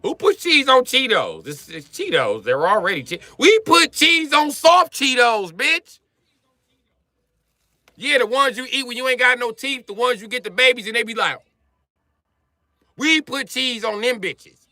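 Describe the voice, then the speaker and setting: A man's voice: extremely high pitch, sing-song, normal speed, sharp tone, dry recording, studio quality. A man from Wisconsin ranting profanely and mockingly on a livestream. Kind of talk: profane comedic rant on a livestream.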